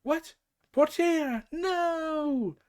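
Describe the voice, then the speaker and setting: A man voicing a brave young Amazon woman warrior in a raised, high-pitched, urgent voice. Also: extremely slow, exaggerated voice. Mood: frantic.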